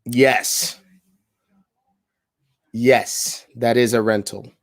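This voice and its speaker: A man's voice: mid-range voice, little pitch movement, drawn-out words, no room sound. A man in a casual, upbeat style making live sales phone calls and coaching the audience between them, often repeating words as he restarts.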